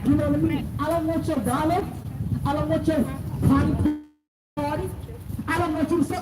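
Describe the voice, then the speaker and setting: A woman's voice: high voice, fairly even intonation, moderate pace, long pauses. A middle-aged bereaved mother giving a raw, angry speech to a crowd at an outdoor protest. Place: outdoors at a protest by city hall. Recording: distant echoey noisy outdoor recording.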